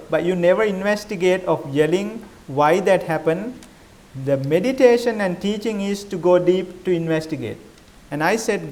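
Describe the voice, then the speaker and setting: High-voiced monk giving a questioning dharma talk. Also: male voice, darkish tone. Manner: questioning, conversational, non-native phrasing. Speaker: Buddhist monk teacher.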